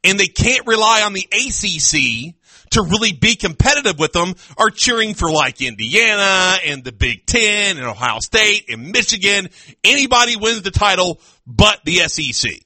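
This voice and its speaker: A man in his thirties hosting sports talk radio in a studio, ranting loudly and animatedly with frequent laughs. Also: high voice, big pitch swings, normal speed, dry recording.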